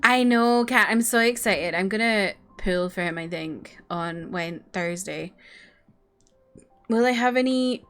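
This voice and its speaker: A woman's voice: mid-range voice, a little slow, fairly bright tone. A young woman streaming a game, chatting with viewers in a bubbly, casual way, full of likes and laughs. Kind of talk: casual chat.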